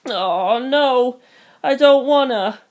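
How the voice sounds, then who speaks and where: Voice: normal speed, smooth, lightly acted. A reader voicing a scared, stubborn eleven-year-old girl who pleads through sobbing tears, in a fan reading of a novel. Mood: pleading. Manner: sobbing, pleading, rising high. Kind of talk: audiobook reading.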